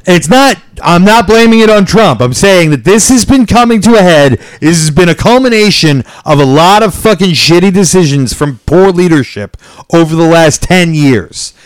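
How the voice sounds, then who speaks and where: A man's voice: high-pitched, animated, moderate pace, no echo. A man from the US co-hosting a podcast, telling stories in a profane, rambling way. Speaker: podcast co-host. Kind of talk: casual chat.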